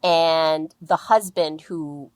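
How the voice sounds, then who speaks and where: A woman's voice: deep voice, extremely slow, no echo. A woman guest on a podcast telling a story casually and acting out the people in it. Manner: animated, acts out the people in her stories.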